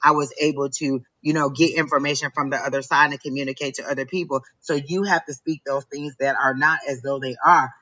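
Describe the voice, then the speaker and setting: A man's voice: medium pitch, steady tone, fairly quick, hardly any pauses, bright, forceful tone, no echo, low-quality recording. A man giving a live psychic reading, emphatic and repetitive as he urges the listener on. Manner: emphatic, repetitive, preachy encouragement. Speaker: psychic reader.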